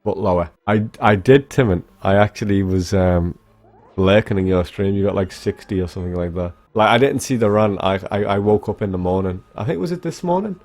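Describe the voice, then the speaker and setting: A man's voice: fairly low pitch, brisk, a little mellow, soft background music. A young man, a speedrunner, rambling casually to his livestream chat, swearing freely and answering viewers. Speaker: speedrunner streamer.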